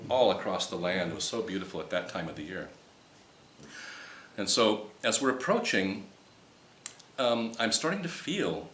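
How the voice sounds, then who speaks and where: A man telling a personal story to a group in casual, animated style, rambling with restarts and acting out the dialogue he quotes. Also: fairly low pitch, a little hiss or hum. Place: meeting room with a live audience. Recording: roomy hall with faint ambience.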